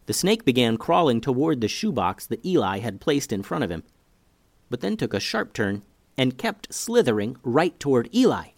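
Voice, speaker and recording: Lively male children's story narrator. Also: mid-range voice, moderate pace, dry recording. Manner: animated, expressive reading. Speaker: podcast host and storyteller.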